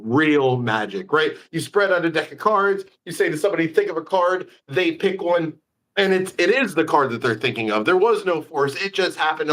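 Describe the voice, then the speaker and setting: A male magician hosting a live chat, retelling stories with animated energy and quick asides. His voice sits somewhat high for a man. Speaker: magician, host. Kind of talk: casual live-stream interview.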